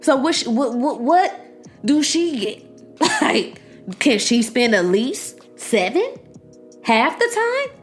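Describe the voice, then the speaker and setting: A young woman hosting a podcast in casual chat. She talks in an animated, profane way, laughs often and acts out the people she quotes. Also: high voice, takes it slowly, faint music behind. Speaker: podcast host.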